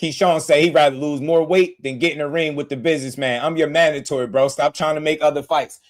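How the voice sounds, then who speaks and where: A man hosting a boxing livestream, talking heated and blunt to his chat with lots of slang. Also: a little high. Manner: fired-up, blunt, slangy, talks straight to chat.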